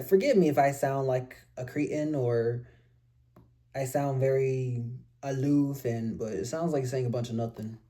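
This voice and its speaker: Low, lively-voiced woman reviewing a book. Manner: chatty and self-deprecating, reads passages aloud. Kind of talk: casual book review vlog.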